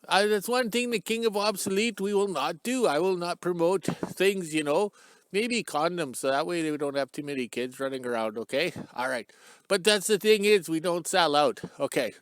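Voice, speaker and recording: A Canadian man in middle age opens his vlog outdoors in cold sun, filming himself with a handheld camera on a stick. As channel host, he rambles off the cuff, joking, chatting and drifting off topic in a high-pitched, fairly bright voice with no echo.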